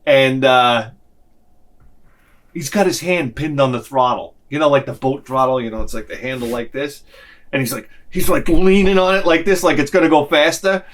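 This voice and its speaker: With a medium-pitched voice at normal speed, this middle-aged man rants through a comedic, casual vlog monologue. He animatedly acts out lines, switching into the voices of other people as he goes.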